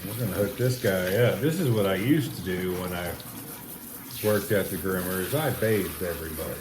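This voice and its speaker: A man's voice: low-pitched, moderate pace. A man, chatting casually to the camera and his dog while he grooms it indoors. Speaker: dog groomer and pet owner. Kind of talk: casual vlog narration. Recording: echoey room with loud ambient noise.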